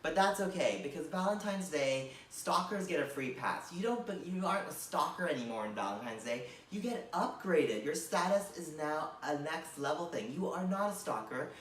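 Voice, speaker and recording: Male comic, average pitch, sarcastic rambler; roomy, off-mic recording. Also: lively intonation, moderate pace, hardly any pauses, a bit bright, far from the mic, slight background noise. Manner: rambling, filler-heavy, mock-gushing sarcasm. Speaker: comedian. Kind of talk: comedic monologue.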